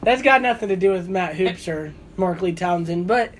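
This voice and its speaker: A man's voice: high voice, moderate pace, slight background noise. A man co-hosting a podcast in casual chat, enthusiastic and joking. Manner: enthusiastic and jokey. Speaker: podcast co-host.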